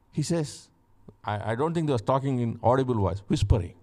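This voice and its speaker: A man's voice: medium pitch, lively intonation, fairly quick, dark tone. A man preaching a sermon, retelling a Bible story with acted dialogue and repeating key lines, then leading a prayer. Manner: acts out biblical dialogue, repeats key phrases. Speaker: pastor.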